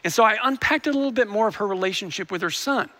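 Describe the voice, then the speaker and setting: A man's voice: high voice, animated, fast, bright, forceful tone. A male pastor preaching a sermon, earnestly telling a story and often restarting his sentences.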